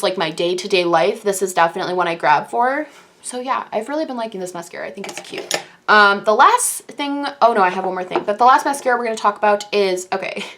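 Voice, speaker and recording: A young woman casually reviewing the makeup she loves, gushing in quick, animated bursts of enthusiasm. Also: medium pitch. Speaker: beauty YouTuber.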